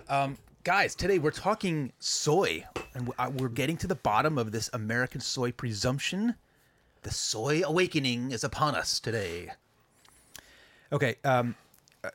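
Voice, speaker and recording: A man's voice: medium pitch, a bit bright, dry recording. A man hosting a podcast in a loose, joking way, with lots of fillers. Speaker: podcast host. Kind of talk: casual podcast chat.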